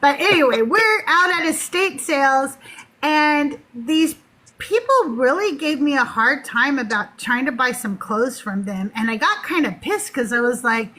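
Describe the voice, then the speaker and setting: A woman's voice: sits high, lively intonation, a little slow, sharp tone, rough recording. A middle-aged woman hosting a show, casually telling a story, laughing often and acting out the voices of people she quotes. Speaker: host.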